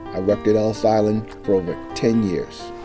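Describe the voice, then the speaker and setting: A man's voice: on the low side, fairly even intonation, moderate pace, over music. A middle-aged man working as a national park ranger, telling history as a dramatic story with varied emphasis. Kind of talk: storytelling guided talk.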